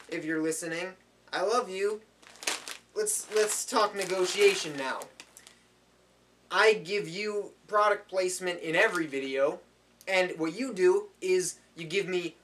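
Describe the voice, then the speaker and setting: A man improvising goofy parody ads in a rambling, deadpan way, correcting himself as he goes. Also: sits high, distant mic, a little hiss or hum. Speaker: video creator.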